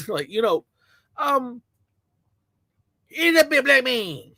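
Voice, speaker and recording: A man co-hosting a reaction commentary, loud and mocking, often shouting and mimicking others. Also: extremely high pitch, big pitch swings, slow, creaky, pauses often, no echo. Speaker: commentary show co-host.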